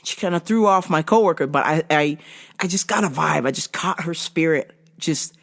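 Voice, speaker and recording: A woman's voice: low-pitched, normal speed. A woman hosting her own show, telling a comic story in a casual, profane monologue. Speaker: podcast host.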